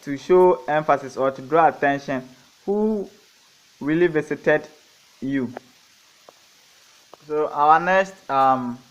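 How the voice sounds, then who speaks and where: A man teaching a grammar lesson, going slowly through examples, repeating each one and asking and answering his own questions. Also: on the high side, fairly bright tone. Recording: dull lo-fi recording.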